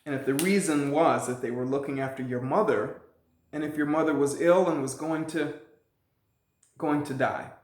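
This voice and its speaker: A man's voice: fairly high pitch, moderate pace, roomy sound, natural voice. A man voicing an upset, wound-up young boy. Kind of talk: reading a children's novel aloud.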